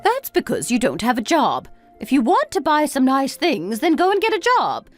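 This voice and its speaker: A woman's voice: high voice, wildly swooping pitch, normal speed, faint music behind. A woman voicing an exasperated, scolding mother. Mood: dismissive. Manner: reproachful, fires off questions. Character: exasperated middle-aged mother scolding her drunk grown son. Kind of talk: texting-story voice-over.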